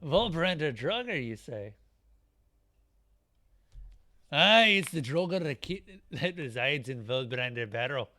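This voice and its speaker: A man voicing a boastful young male Norse warrior, loud and declamatory, reading game dialogue aloud. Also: fairly high pitch, expressive, a little slow, exaggerated voice. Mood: troubled.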